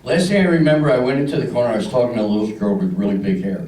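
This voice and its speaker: A man's voice: mid-range voice, racing, dark tone, echoey room, far from the mic, low-quality recording. An older man from Philadelphia doing a crude stand-up routine, acting out the people in his stories. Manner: crude storytelling with voices for characters. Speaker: stand-up comedian. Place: club stage.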